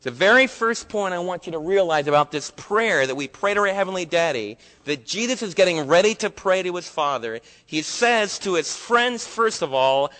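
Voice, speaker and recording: Male preacher, high bright voice, earnest, loud-to-hushed swings, long hall reverb. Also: expressive, normal speed, few pauses. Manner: earnest, swings from loud emphatic highs to hushed low passages. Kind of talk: sermon.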